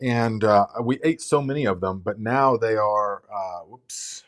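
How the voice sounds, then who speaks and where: A man's voice: fairly low pitch, moderate pace. A man hosting a casual live gardening Q&A, chatty and rambling, with lots of fillers and restarts. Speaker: gardening channel host.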